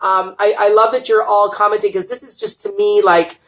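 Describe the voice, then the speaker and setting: A woman's voice: medium pitch, level tone, a little fast, fairly bright tone, slight background noise, low-quality recording. A woman hosting a live-streamed interview, enthusiastic and affirming, laughing often as she talks. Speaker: host.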